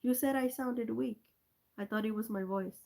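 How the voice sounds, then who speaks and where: A woman's voice: a little high, moderate pace, gravelly, a little mellow. A woman hosting a live stream from her cell phone, telling a rambling story in a chatty way and talking to her viewers by name. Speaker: livestream host.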